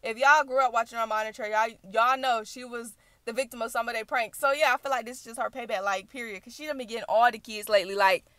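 A young woman hosting a reaction channel, recapping a video in animated, chatty storytelling. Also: fairly high pitch, fast, hardly any pauses, dry recording. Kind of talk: casual recap vlog.

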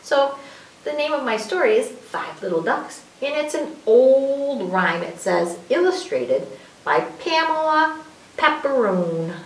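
A woman leading a children's story time, reading aloud in a sing-song, expressive way and coaxing the young listeners with questions. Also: sits high, takes it slowly. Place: library room. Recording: roomy, distant mic with faint hiss.

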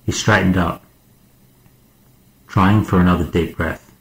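Deep-voiced male audiobook narrator. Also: echoey room, low-quality recording. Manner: measured, steady reading. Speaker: guest narrator.

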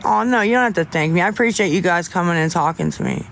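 A young man on a casual livestream, answering chat in a rambling, halting way with many restarts, candid about staying sober. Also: high-pitched, creaky, fairly bright tone, a little hiss or hum.

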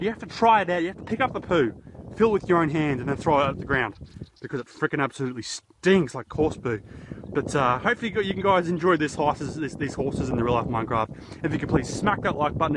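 A slightly high-pitched Australian man goofs around on a vlog out in a horse paddock. He rambles and mocks himself into a handheld camera. Faint background noise sits under his voice. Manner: jokey, rambling, self-mocking. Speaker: YouTuber host. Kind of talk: goofy outdoor vlog.

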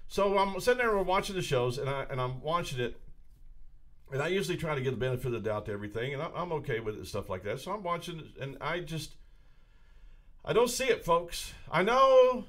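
A man's voice: on the high side, expressive, fast, fairly bright tone. A man co-hosting a podcast in a studio, chatting casually with friends, joking, rambling and opinionated. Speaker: podcast co-host. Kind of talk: casual chat.

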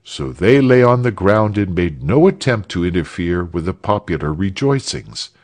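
A man reading a story aloud for English learners in a measured, expressive way. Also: low voice. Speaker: narrator.

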